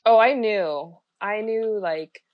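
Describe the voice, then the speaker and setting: A woman's voice: medium pitch, takes it slowly, no room sound, highs cut off. A young woman chatting casually as a podcast guest, laughing often and filling with lots of likes and ums. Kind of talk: casual chat.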